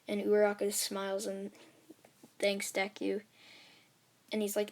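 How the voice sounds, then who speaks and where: A woman's voice: medium pitch, completely flat delivery, normal speed. A woman casually retelling a fan-made story, rambling with many fillers and restarts.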